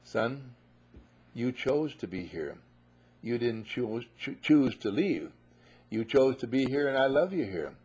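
A tender, loving father speaks low and quietly, as a man puts him on in a husky voice. He reassures his son gently. The sound comes through a dull, lo-fi recording. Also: big pitch swings, slow, heavily acted. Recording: muffled lo-fi recording.

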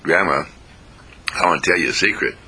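A man voicing a cheerful, loving little granddaughter in a high, eager voice. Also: a little fast, bright, forceful tone, breathy edge, full character voice. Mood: adoring. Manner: sweet, eager, high-pitched.

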